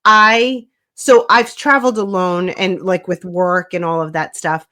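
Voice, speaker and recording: A woman co-hosting a podcast, speaking casually and haltingly, with many restarts as she shares her own thoughts. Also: fairly low pitch, fairly even intonation, pushed and bright. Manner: supportive listener, short reactions, halting when she talks. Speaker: podcast co-host. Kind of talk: casual chat.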